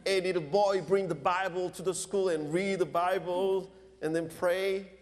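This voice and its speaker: Slow-preaching pastor, high voice. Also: male voice, steady tone, darkish tone. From Korea. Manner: slow, deliberate preaching with non-native English phrasing. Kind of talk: sermon. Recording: long reverb of a large hall.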